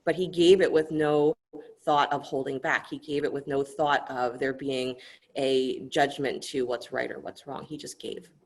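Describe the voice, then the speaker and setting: A serene male god, spoken by a woman telling a story, low and gravelly, with a steady and reassuring tone. He sounds unhurried and wise. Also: full character voice. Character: calm, wise male deity.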